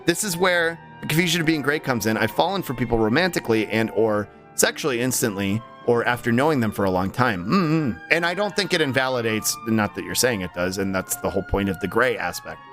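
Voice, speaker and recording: Tired-voiced streamer guy rambling to chat, tons of ums, pitch bouncing all over, faint music in the back. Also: a bit bright. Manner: rambling, many um and uh restarts, laughs easily. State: voice tired and strained. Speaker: livestreamer. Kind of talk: casual stream chat, reading chat aloud.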